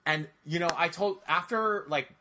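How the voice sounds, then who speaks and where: A man telling a personal story on a casual podcast, animated and profane, talking straight to his listeners. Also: fairly high pitch, normal speed, slight background noise.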